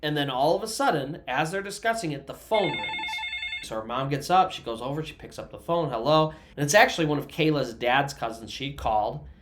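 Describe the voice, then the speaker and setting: A man's voice: fairly high pitch, lively intonation, fairly quick. A man narrating a true story in a casual, conversational way, with asides to the listener and everyday fillers.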